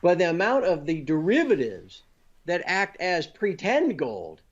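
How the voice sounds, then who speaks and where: A man talking through finance as an interview guest, his voice sitting a little high for a man. He builds each point one step at a time and checks in with the host as he goes. The remote audio comes through dull and lo-fi. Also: very animated, measured pace. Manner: explains step by step with frequent "you know" and "okay?". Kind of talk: conversational interview.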